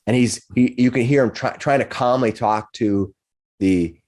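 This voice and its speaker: Halting man running a tabletop game. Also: mid-range voice, darkish tone. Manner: halting, restarts often, laughs between lines. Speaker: dungeon master.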